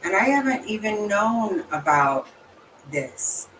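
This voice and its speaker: A woman's voice: mid-range voice, very animated, slow, a bit bright, a little hiss or hum, poor audio. A woman reacting in casual chat, blunt and outraged, swearing freely. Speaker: channel host reacting to a livestream guest.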